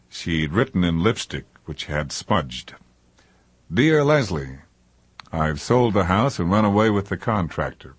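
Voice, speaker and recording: An older man narrating a comic memoir in a deadpan manner, recorded in a studio. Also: low voice, husky, no echo.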